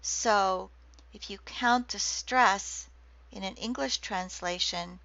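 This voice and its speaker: Woman lecturer, slow measured delivery, dull lo-fi recording. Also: medium pitch, gravelly, a bit bright, dry recording. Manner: slow, deliberate, reads quoted verse slowly.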